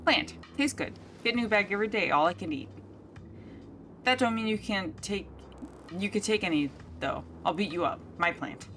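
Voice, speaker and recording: A woman voicing a stubborn, possessive male goat who talks in gruff, clipped, folksy phrases. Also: medium pitch, expressive, moderate pace, fairly bright tone, slight background noise, close to an everyday voice. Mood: defiant.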